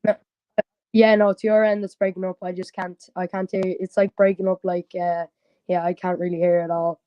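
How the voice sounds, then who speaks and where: A man's voice: high-pitched, level tone, fairly quick, clear, resonant tone, no room sound, dull audio. A young man from Dublin with a Dublin Irish accent, calling a fan phone-in, easygoing and upbeat with lots of 'like'. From Dublin, Ireland. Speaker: caller. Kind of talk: casual phone-in chat.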